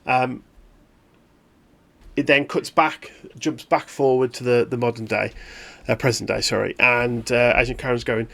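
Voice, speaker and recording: Guy running a tabletop game, middle pitch, lots of ums and restarts. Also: steady tone, unhurried, gravelly, a bit bright. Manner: rambling, lots of fillers and self-corrections. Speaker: game master.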